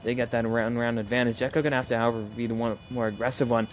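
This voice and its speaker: A man's voice: medium pitch, little pitch movement, very fast, faint music behind. A man giving live play-by-play commentary on an esports match, talking casually and rambling, chatting with viewers between plays. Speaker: solo esports caster.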